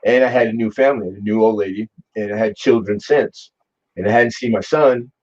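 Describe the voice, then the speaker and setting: A man in his forties telling a long personal story in casual chat, animated, swearing and restarting his sentences often. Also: lowish voice, a little fast. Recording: dull lo-fi sound.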